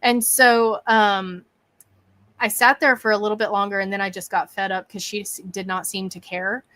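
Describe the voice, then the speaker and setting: A woman, a guest on a podcast, telling a story with lively energy and acting out her own thoughts and quotes. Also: medium pitch, normal speed. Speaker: bigfoot researcher and podcast guest.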